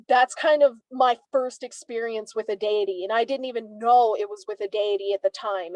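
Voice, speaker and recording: A woman in her twenties, a tarot reader, telling stories as an interview guest in a chatty, animated way with many "like" fillers. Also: mid-range voice, no room sound, low-quality recording. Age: 20s. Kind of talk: casual interview storytelling.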